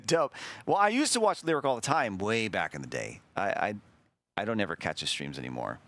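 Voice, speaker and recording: A man's voice: fairly low pitch, very animated, moderate pace, fairly bright tone, no echo. A man hosting a stream in casual chat, rambling and self-deprecating as he looks back. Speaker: streamer host.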